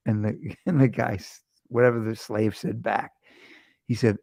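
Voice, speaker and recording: A man hosting a casual chat show, telling rambling jokey stories with quick asides. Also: lowish voice, steady tone, mellow, no echo, studio quality. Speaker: host.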